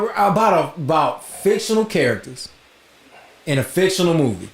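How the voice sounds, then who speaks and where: A man chatting casually, his voice pitched a bit high and very expressive. The room around him has a noticeable echo. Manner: easygoing, quick to laugh and chime in. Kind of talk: casual chat. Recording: echoey room.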